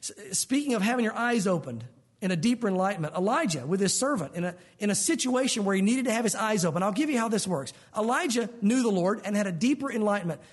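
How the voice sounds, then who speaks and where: A man preaching a sermon, his voice high and a little husky. He talks in an animated way and slips into the voices of the people in the stories he tells. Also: quick pace. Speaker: pastor.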